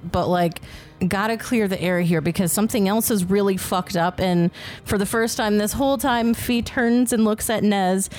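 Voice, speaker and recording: A woman playing a tabletop game with animated, emotional talk and frequent swearing. Her voice sits at a middle pitch. Soft music runs faintly behind her. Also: normal speed. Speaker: player.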